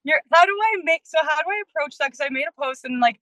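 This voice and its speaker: A woman's voice: high voice, animated, quick pace, pushed and bright, dry recording, low-quality recording. Candid woman sharing her struggles. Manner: candid, emotional sharing with casual swearing. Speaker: coaching client. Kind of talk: group coaching call.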